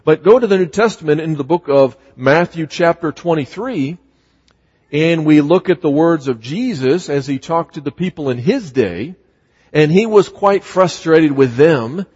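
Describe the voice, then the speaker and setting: A fairly high-voiced man preaches with emphatic, repetitive delivery, acting out scripture passages. His voice is husky, and the muffled recording carries a long reverb from a large church hall. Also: animated, unhurried, darkish tone. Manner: emphatic, repeats words, voices scripture quotes dramatically. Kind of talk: sermon.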